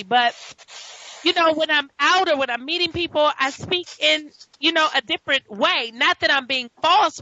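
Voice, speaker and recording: A woman from New York hosting a talk show, telling stories in casual chat with laughing asides. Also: sits high. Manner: storytelling, laughing, animated asides. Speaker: host. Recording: dull lo-fi audio.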